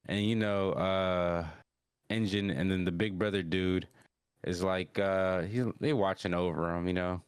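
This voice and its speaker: A man with a low, smooth voice casually recaps an anime episode on his podcast. He rambles along in loose slang, restarting sentences and stringing thoughts together with "like." The sound is dry and close. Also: steady tone, a little slow, no room sound. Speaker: podcast host.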